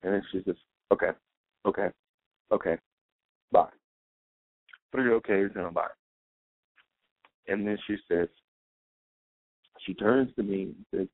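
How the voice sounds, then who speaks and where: Deep-voiced man telling a story, phone-line sound. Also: a little slow, long pauses, dry recording. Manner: rambling anecdotal, quotes both sides of dialogue. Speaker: podcast host. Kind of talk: storytelling monologue. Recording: tinny phone-like dry recording.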